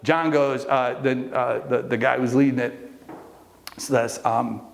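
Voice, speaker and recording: In a motivational session with a live group, a middle-aged coach tells a lengthy story, acting out the people he quotes amid fillers and restarts. His medium-pitched, creaky voice is flat and slow, with a little hiss or hum in the recording.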